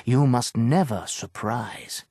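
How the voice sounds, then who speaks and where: A man reading aloud and voicing a shrewd middle-aged male estate agent who talks low and slyly and sometimes bursts into shouts. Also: slow pace, gravelly, dry recording, studio quality. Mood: sly, coaxing. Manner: hushed and sly, then bursts into shouts.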